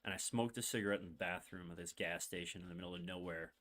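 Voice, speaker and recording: A young male podcast host with a low, fairly bright voice talks fast as he tells a long personal story. He rambles candidly, full of fillers and asides, and sounds emotional, as if holding back tears.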